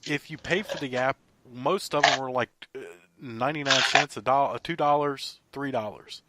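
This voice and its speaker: A man co-hosting a podcast, chatting casually and telling animated stories with frequent laughter. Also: medium pitch, moderate pace, heavy background noise. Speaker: podcast co-host and producer.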